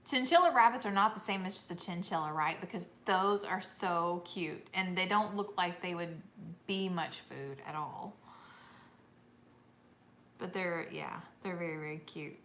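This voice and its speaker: A woman's voice: fairly low pitch, a little slow, a bit bright, slight background noise. Chatty woman with a Georgia accent. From Northeast Georgia. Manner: chatty, laughs often, drawling. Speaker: livestream host. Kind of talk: casual livestream chat reading comments.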